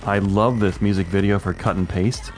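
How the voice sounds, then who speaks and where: A man's voice: fairly low pitch, steady tone, normal speed, soft background music. A man co-hosting a podcast, chatting casually about bands and telling stories, laughing easily. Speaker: podcast co-host. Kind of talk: casual music chat.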